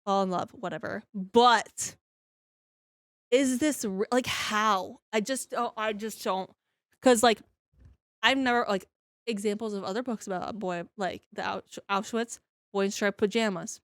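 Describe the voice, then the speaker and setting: In a studio-quality, dry recording, a young woman co-hosting a podcast talks through a book review in a relaxed, rambling way, using "like" a lot and swearing casually. She speaks unhurriedly in a mid-range, fairly bright voice.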